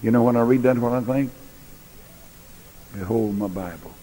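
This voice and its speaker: A man preaching a sermon in a large church, folksy, swinging between loud bursts and quiet asides. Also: medium pitch, normal speed. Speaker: pastor. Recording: echoey church hall recording.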